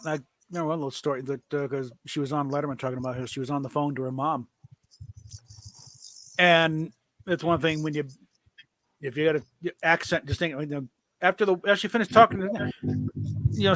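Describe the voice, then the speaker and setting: Guy host rambling and chuckling, pretty high voice, dry close sound. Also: pushed and bright, no room sound. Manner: rambling, laughs often, fillers. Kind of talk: casual chat.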